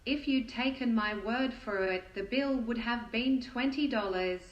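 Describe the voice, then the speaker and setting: A weary male vet breaks bad news in a flat, patient, apologetic tone, read by a woman in a fairly high voice. The voice rings a little in an echoey room. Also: unhurried, muffled recording, natural voice.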